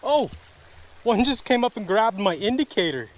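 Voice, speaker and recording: A man's voice: high-pitched, big pitch swings, moderate pace. A man fishing a wooded stream outdoors, chatting casually to his viewers and grumbling when things go wrong. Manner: chatty, easily frustrated, talks to viewers as folks and guys. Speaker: fishing vlogger. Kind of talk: casual outdoor vlog narration.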